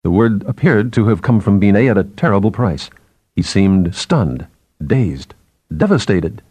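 A man narrating a story in a measured, even way, with a low voice that has a husky edge. His pitch moves lively through the sentences, and the sound is close and dry. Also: dry recording. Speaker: audiobook narrator. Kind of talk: scripted narration.

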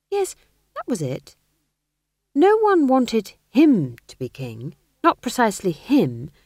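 A woman narrating a comic fantasy audiobook with a wry, expressive delivery. Her voice is mellow and warm, and her pitch moves freely across the sentences. The recording is close and dry. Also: dry recording. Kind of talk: scripted narration.

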